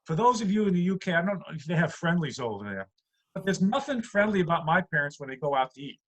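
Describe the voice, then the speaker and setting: High-voiced New comic on a call. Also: male voice, big pitch swings, quick pace, fairly bright tone, rough recording. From USA. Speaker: stand-up comedian. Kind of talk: stand-up routine. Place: home over video call. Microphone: computer mic on a video call.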